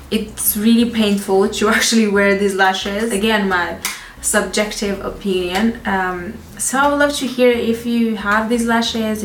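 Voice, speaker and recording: A woman's voice: medium pitch, recorded from a distance. Chatty French-accented woman in an echoey room. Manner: chatty, frank, laughs between phrases. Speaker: beauty vlogger. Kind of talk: casual product review.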